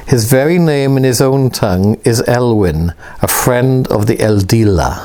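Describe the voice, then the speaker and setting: A man reading aloud the lines of a bodiless male archangel spirit, in a grave and measured way. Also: mid-range voice, dark tone, close to an everyday voice. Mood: solemn.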